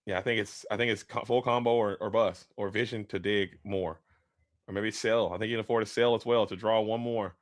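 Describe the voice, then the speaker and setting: A man's voice: lowish voice, fairly even intonation, brisk, dry recording, studio quality. A man casting a live card game match, talking through the plays at length, tired from a long day of travel. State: travel-fatigued. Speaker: esports caster.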